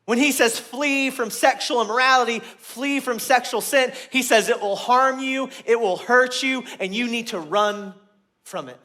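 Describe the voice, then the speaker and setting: A man preaching a sermon to a room, earnest and repeating his points, growing loud and emphatic at key moments. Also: very high voice, unhurried. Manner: earnest, repeats phrases, restarts words.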